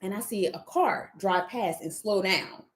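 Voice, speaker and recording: A woman's voice: medium pitch, unhurried. A woman telling a story in casual chat, swearing freely and acting out what people said. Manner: animated, swears freely, acts out quoted lines.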